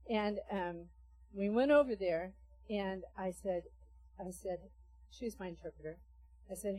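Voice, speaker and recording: A woman preacher telling a healing story and reading scripture, acting out the dialogue with lively storytelling. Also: mid-range voice, moderate pace, low-quality recording. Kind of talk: sermon with testimony and scripture reading.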